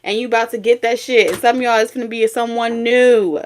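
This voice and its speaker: A woman's voice: fairly high pitch, fairly even intonation, fairly quick, a little hiss or hum. A woman giving a tarot reading, talking in a blunt, profane, scolding way with lots of repetition. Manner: blunt, profane, scolding street talk with sudden laughs and singing. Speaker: tarot reader.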